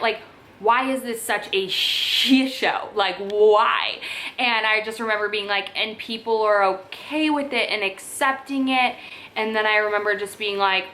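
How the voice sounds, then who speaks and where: Bright-voiced exasperated woman vlogger. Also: a little high, a little hiss or hum, low-quality recording. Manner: animated, exasperated storytelling with many "like"s. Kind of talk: casual storytime chat.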